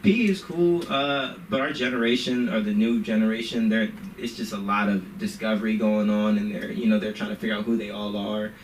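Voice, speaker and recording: A man's voice: lowish voice, steady tone, fairly quick, hardly any pauses. Rambling male stand-up comic in an echoey club. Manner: conversational, rambling storytelling. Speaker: stand-up comedian. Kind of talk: stand-up comedy set. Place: comedy club stage. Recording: echoey room, distant mic, faint hiss.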